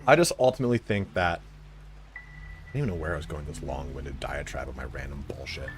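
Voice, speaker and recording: A man's voice: extremely low pitch, fairly quick, noisy background. A man streaming a video game, chatting casually in a rambling, frank and profane way, full of fillers. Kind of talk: casual chat while playing.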